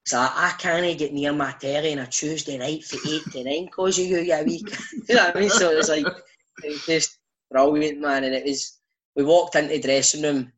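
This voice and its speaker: A Scottish man, a father, telling casual stories as a guest, animated and full of slang. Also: on the high side, a little fast, rough recording. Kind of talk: casual storytelling chat.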